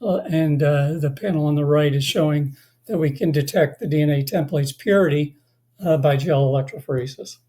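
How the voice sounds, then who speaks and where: Mellow, slightly hoarse webinar presenter. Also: mid-range voice. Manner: halting, many filler sounds and restarts. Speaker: company presenter.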